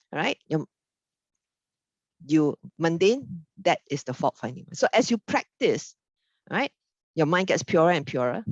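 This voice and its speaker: Lively woman giving a dharma talk. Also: deep voice, no echo, dull audio. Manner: animated, acts out little quoted exchanges, frequent tag questions. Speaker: Buddhist dharma speaker.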